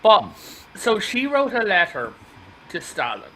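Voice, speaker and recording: Podcast host, male, high and piercingly bright, rambling storyteller. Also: huge pitch swings, unhurried, slight background noise, rough recording. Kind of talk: casual movie discussion.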